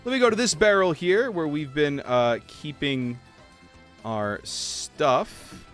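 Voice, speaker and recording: A man chatting casually while live-streaming a game, talking to viewers and laughing softly. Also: fairly high pitch, slow, faint music behind. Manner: chatty, animated, soft laughs. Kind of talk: casual livestream gameplay chat.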